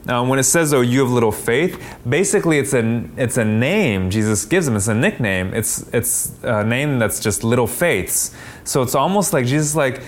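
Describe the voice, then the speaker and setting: A man preaching a sermon, animated, acting out quoted lines with a raised, louder voice. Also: moderate pace. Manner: animated, acts out quotes with rising pitch and loudness. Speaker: pastor.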